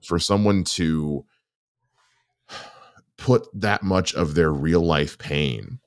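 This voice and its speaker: A man co-hosting a podcast in casual chat, talking haltingly with many fillers. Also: sits low, clear, resonant tone, no room sound, studio quality. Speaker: podcast co-host.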